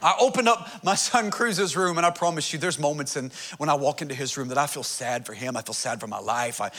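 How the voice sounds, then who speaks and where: Man, middle-aged, bright tone, pastor, sermon with funny stories, earnest. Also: fairly high pitch, a little fast. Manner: storytelling, humorous, earnest.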